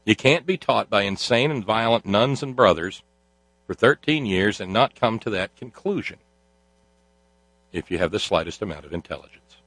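A man's voice: on the low side, lively intonation, normal speed, fairly bright tone, dry recording. A man hosting a talk show, delivering a sardonic monologue full of fillers and restarts. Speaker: host.

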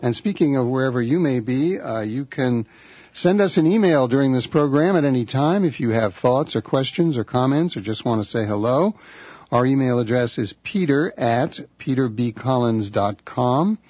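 A man's voice: mid-range voice, expressive, normal speed, breathy edge, no echo, dull audio. A man guest-hosting a political talk radio show from a studio, talking in a conversational, wry way with filler uhs.

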